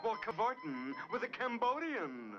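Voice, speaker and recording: A man's voice: sits high, big pitch swings, normal speed, highs cut off, music in the background. An actor voicing a flamboyant, theatrical male cartoon mountain lion with a sing-song delivery, as in a vintage cartoon.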